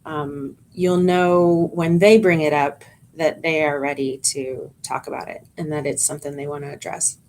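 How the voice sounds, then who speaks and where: Speaking at a normal speed in a low voice, a chaplain gently trains volunteers, calm and explanatory despite frequent ums and restarts. There's slight background noise behind her.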